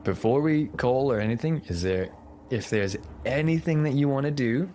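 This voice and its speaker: A man acting as dungeon master, calmly explaining rulings and narrating scenes in a tabletop game. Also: mid-range voice, normal speed, a little hiss or hum.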